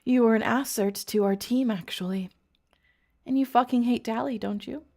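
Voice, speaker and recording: A woman voicing a scheming shapeshifting villainess with a low, coaxing manner in a story she reads aloud. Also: moderate pace, darkish tone.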